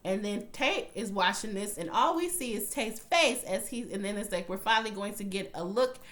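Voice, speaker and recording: A young woman recaps a TV episode in casual, profane chat, her voice sitting at a middle pitch. She retells the scenes bluntly and slips into quoted lines as she goes. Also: moderate pace. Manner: profane, blunt, animated storytelling with acted-out quotes. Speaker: TV recap vlogger.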